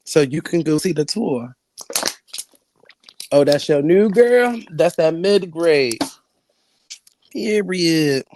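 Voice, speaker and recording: A man's voice: a little high, slow, long pauses, slight background noise. Brash, laughing man on a stream. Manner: brash, animated, laughs often, swears freely. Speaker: panelist on a live online talk stream. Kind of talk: casual trash-talking chat.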